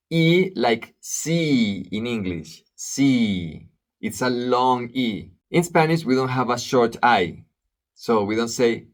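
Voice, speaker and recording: A man's voice: medium pitch, lively intonation, unhurried. A man with a Colombian accent teaching a Spanish pronunciation lesson, saying each word, translating it and repeating it with care.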